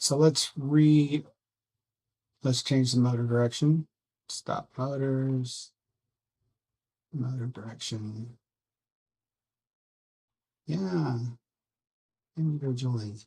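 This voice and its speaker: A man hosting a casual build vlog, rambling softly to his viewers and himself while he works at a bench indoors. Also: mid-range voice, gravelly, husky. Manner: soft, rambling self-talk with musing asides. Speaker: drone hobby channel host.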